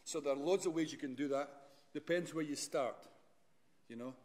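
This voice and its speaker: A man's voice: a little high, normal speed, darkish tone. Man, university lecturer, chatty rambling delivery, frequent restarts, long hall reverb. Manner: rambling, self-correcting, chatty. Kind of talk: lecture talk.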